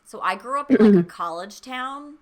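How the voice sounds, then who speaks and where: A woman's voice: on the high side, animated, normal speed, crowd noise. A woman in her thirties co-hosting a casual chat stream, telling loose, swear-laced stories full of "like". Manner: loose storytelling, swears freely, lots of "like". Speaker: streamer co-host.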